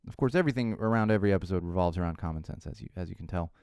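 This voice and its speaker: A man hosting his own podcast, talking solo in an animated, ranting way and mocking other people's voices. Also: low voice, very fast, clean tone, no echo. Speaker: podcast host.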